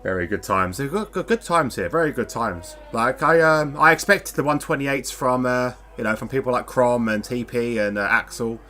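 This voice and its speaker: A man commentating a live sim racing qualifying session, chatty and quick to laugh. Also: medium pitch. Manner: chatty, laughs often, excitable. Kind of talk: live esports race commentary.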